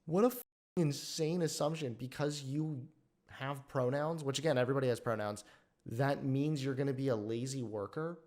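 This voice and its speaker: A man's voice: mid-range voice, moderate pace, a little mellow, a little hiss or hum. A young man hosting a reaction commentary video, talking in a sarcastic, blunt and exasperated way.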